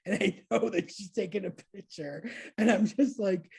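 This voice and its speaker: A woman in her thirties telling a story in casual chat, lively and laughing, jumping into high voices to act out quotes. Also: moderate pace, vocal fry, slightly rough. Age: 30s.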